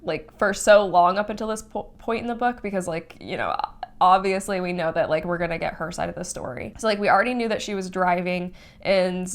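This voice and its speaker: A woman's voice: lowish voice, brisk. Chatty young woman reviewing a book. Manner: chatty and emotional, heavy use of "like", sighs and laughs. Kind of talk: casual spoiler book review.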